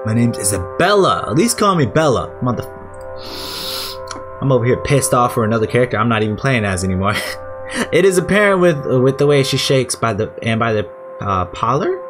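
Male let's-player; chatty, irreverent, swears, animated mid-pitch voice. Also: brisk, over music. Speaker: gamer. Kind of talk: casual let's-play commentary.

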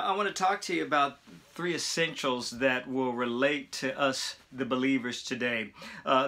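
A man preaching a short encouraging sermon as a pastor, slow and deliberate, stretching his phrases. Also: medium pitch, bright, forceful tone. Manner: earnest, encouraging.

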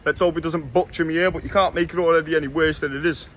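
A man's voice: fairly high pitch, steady tone, fast talker, slight background noise. Chatty, swearing young man on the street. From England. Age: 20s. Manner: chatty, blunt and jokey, swearing freely. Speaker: travel vlogger. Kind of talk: casual walking vlog. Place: city streets outdoors.

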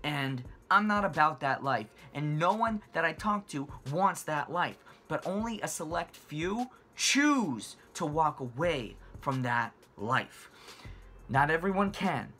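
A man's voice: fairly high pitch, lively intonation, slow, bright, forceful tone, soft background music. A man hosting his own channel, delivering a passionate, emphatic rant to camera and repeating phrases for stress. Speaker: finance channel host. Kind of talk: impassioned money rant to camera.

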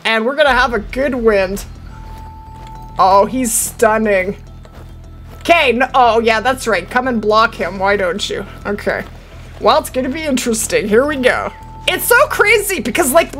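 A young woman live-streaming a hunting game, chatting with her viewers and getting excitable. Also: on the high side, a little slow, faint music behind. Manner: excitable, chatty, talking to chat. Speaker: gaming streamer.

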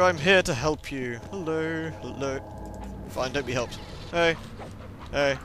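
A man's voice: on the high side, fairly bright tone, a little hiss or hum. Sarcastic, playful man commenting on gameplay. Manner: sarcastic, playful, jokingly talks to game characters. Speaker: let's play commentator.

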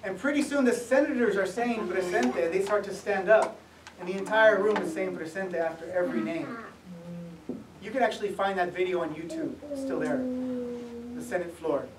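A middle-aged man giving an author talk at a museum, speaking conversationally with gentle humor and some restarts. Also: high-pitched, moderate pace, background noise. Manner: conversational, self-deprecating humor, frequent restarts. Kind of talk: public talk with slides. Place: museum event room. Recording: echoey room, mic at a distance.

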